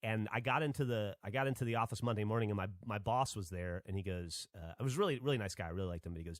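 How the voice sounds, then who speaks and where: A man's voice: lowish voice, expressive, rapid-fire, no room sound, clean studio sound. A man from Alabama, a podcast host, telling a rambling story in casual chat and swearing freely.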